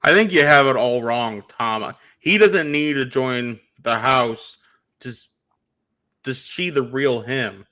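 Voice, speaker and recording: A man cuts an arrogant wrestling promo and taunts his rival. His voice sits at an ordinary middle pitch. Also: slow, sharp tone. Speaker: pro wrestler guest. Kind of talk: wrestling promo trash talk.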